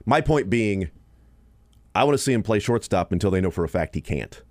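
A man with a low voice talks through baseball on sports radio, thinking aloud and circling back with plenty of ums and uhs. The sound is close and dry, with no room around it. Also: sing-song, fairly quick, darkish tone, dry recording. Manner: rambling, thinking aloud with fillers.

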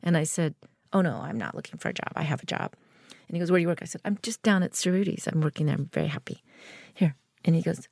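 A woman's voice: fairly low pitch, fast talker, vocal fry, slightly rough, no echo, studio quality. A middle-aged woman from the United States, telling a long story in an interview and acting out the people in it. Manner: animated storyteller, acts out quoted voices. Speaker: guest.

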